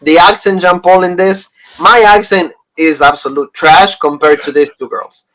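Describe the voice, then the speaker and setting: A man's voice: sits high, steady tone, normal speed, a bit bright, rough recording. A man co-hosting a wrestling review podcast, talking in an enthusiastic, rambling casual chat. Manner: enthusiastic, rambling fan talk.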